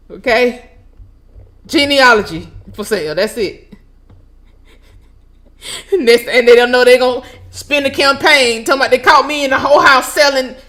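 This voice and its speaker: A woman with a high voice speaks in on her own vlog. She rants loosely and profanely to her viewers, breaking into laughter and sounding openly incredulous. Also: a bit bright. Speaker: channel host. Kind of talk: casual ranting vlog.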